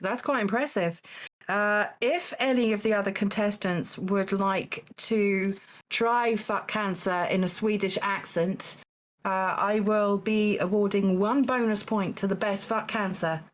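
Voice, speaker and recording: A woman with a mid-pitched voice hosts a live charity game stream. She reads out donations and calls on players politely, with plenty of small fillers. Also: measured pace. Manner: calm, polite, frequent uh and um. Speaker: game show host reading donations.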